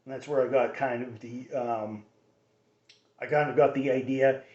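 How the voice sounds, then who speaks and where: A man's voice: medium pitch, steady tone, moderate pace, a little mellow. Guy rambling on his own little radio show, lots of restarts, echoey room, kinda dull lo-fi sound. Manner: rambling, many restarts and fillers. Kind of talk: casual rambling monologue. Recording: roomy dull lo-fi recording.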